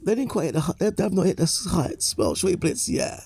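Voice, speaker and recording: A man's voice: sits high, lively intonation, fast talker, vocal fry, darkish tone, husky. A man giving opinion commentary in a lecturing way, restating points and tagging them with "yeah?" and "okay?". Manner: emphatic, restates points for effect.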